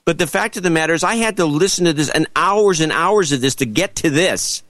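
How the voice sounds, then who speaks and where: A man co-hosting a podcast, retelling a hearing in a mocking, animated way. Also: a little high, brisk, no room sound. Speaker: podcast co-host. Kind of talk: casual commentary chat.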